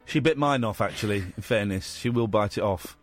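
A man's voice: fairly low pitch, brisk. A man hosting a late-night phone-in radio show, joking and laughing easily. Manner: animated, jokey, laughs a lot. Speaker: radio host. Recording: radio studio with music bed.

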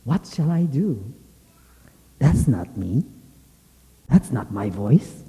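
A man's voice: medium pitch, sing-song, slow pace, warm tone. Man doing a shy young male bluebird, plaintive and anxious, long hall reverb.

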